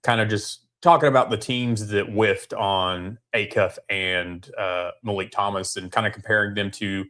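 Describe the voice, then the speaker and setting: Low-voiced man recapping calmly. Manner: measured recap, lots of ums and you-knows. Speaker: podcast co-host. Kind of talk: casual sports chat.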